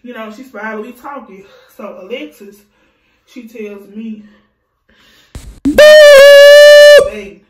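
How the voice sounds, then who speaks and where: A young adult woman telling a casual storytime vlog, animated and profane, laughing often. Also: a little high, measured pace, far from the mic, over loud music. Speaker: vlogger. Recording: echoey room, voice off-mic.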